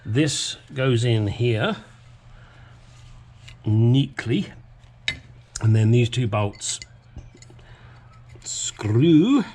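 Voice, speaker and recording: A man's voice: mid-range voice, very slow, pauses often, darkish tone. A man demonstrating a hands-on repair at his workbench, rambling with cheeky self-deprecating asides. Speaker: home mechanic presenter.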